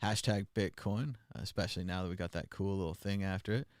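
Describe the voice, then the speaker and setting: A man's voice: low-pitched, brisk, no echo, studio quality. A man hosting a live call-in stream, chatting casually and muttering his steps aloud as he works the computer. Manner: rambling, thinks aloud and mutters while working the computer.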